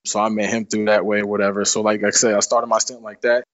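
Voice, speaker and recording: With a lowish voice and level tone, a young football player guest rattles off stories loosely and quickly, dropping fillers like "you know what I'm saying" throughout. It's captured in dull, lo-fi podcast audio.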